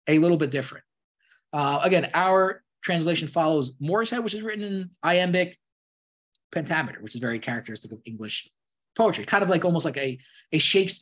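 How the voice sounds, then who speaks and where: A man with a somewhat high voice delivers a college lecture. He explains things conversationally and keeps stumbling over his words, restarting phrases and leaning on "you know" as he goes. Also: fairly bright tone. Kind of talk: classroom lecture.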